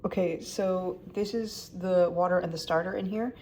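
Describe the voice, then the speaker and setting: A woman's voice: fairly low pitch, steady tone, normal speed, mellow, slight background noise. A young woman chatting casually to camera in a rambling, self-deprecating way while she goes about her day at home. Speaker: vlogger. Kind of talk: casual vlog chat.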